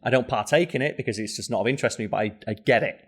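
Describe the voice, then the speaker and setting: A man co-hosting a podcast, chatting casually with quick asides and frank swearing. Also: mid-range voice, husky. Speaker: podcast co-host. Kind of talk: casual chat.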